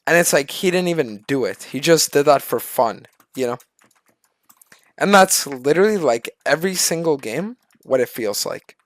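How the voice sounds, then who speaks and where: A man tells a story on stream as a rant, swearing freely and acting out the people he quotes. His raised voice swings widely in pitch. The sound is dry and close, with no room echo. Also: normal speed. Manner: animated, profane, acts out other people in quoted voices. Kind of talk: ranting storytelling.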